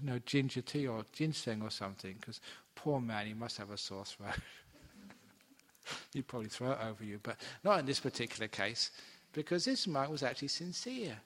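A man's voice: mid-range voice, fairly bright tone. A man, a Buddhist monk, tells a teaching story to an audience in an easy, chatty way. He slips into his characters' voices as he goes, and the sound carries a long reverb from the large hall. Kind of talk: dharma talk storytelling.

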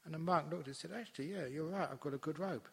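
A man's voice: on the high side, fast, creaky, fairly bright tone, husky. A man, a Buddhist monk, tells a teaching story to an audience in an easy, chatty way. He slips into his characters' voices as he goes, and the sound carries a long reverb from the large hall. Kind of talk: dharma talk storytelling.

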